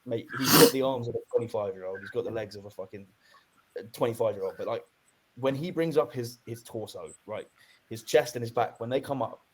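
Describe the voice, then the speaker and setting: A man's voice: mid-range voice, fairly quick, slightly rough. A young man co-hosting a podcast, chatting casually and animatedly and swearing freely. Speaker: podcast co-host. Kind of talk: casual chat.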